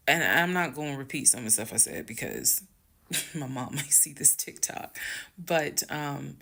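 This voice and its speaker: A woman telling a dramatic personal story in an animated, emphatic way, talking straight to her viewers. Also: low-pitched, slow, gravelly, long pauses. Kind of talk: casual storytime monologue.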